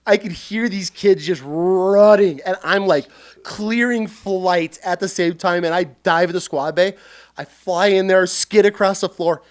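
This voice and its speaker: Guest: male veteran from central Washington, lively raconteur, slightly high pitch, acts out scenes loud. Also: measured pace, smooth. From central Washington, USA. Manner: animated, reenacts scenes loudly. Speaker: podcast guest, Marine veteran. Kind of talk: casual storytelling.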